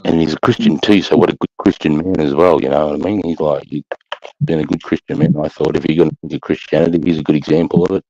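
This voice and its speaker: Very deep gravelly man, casual chat. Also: steady tone, fast, mellow, slight background noise. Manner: swearing, rambling storyteller. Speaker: podcast host. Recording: dull dry sound.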